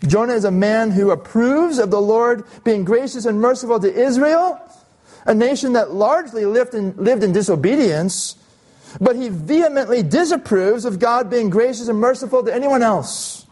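A male pastor preaching an expository sermon, reading scripture aloud and slowing down to stress key phrases. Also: very high voice, expressive, a little mellow.

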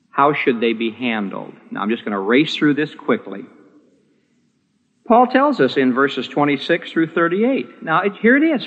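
A male pastor preaching a sermon, emphatic, lifting his voice to stress points and then dropping low. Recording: dull lo-fi recording with long hall reverb.

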